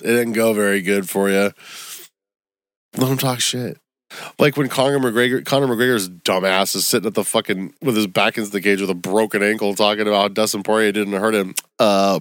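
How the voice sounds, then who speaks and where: Young male comic host, low-pitched, profane animated rant, dry room. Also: dry recording. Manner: profane, animated ranting, gets loud and high when worked up. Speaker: comedian podcast host. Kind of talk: casual solo rant.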